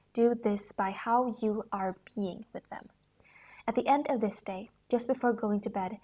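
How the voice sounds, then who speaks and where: A woman's voice: mid-range voice, a little mellow. Woman reading an acting book aloud. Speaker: audiobook reader.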